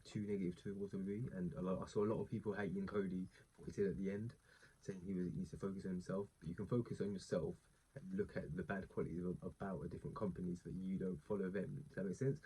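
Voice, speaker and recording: A man's voice: low voice, mellow, husky, rough recording. A man, talking in a casual, rambling way with lots of asides as he reviews a wrestling show. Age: late 20s. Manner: chatty, digressive, many asides and fillers.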